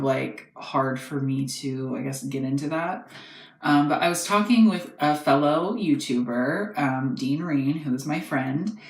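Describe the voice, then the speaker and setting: A young man reviewing dolls in a casual, rambling way, hesitating often and filling pauses with fillers. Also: mid-range voice. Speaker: doll reviewer. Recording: echoey room.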